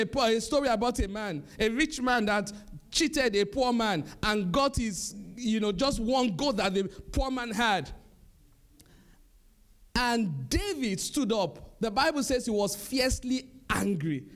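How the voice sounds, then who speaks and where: A middle-aged male pastor preaching an animated sermon, repeating his points with chuckles. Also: very high-pitched, unhurried.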